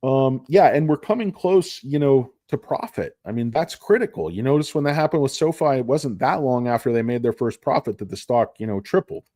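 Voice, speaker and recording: A man's voice: medium pitch, animated, brisk, few pauses, mellow, dry recording, clean studio sound. A man giving casual, rambling stock commentary, jokey and self-deprecating. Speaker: stock market vlogger.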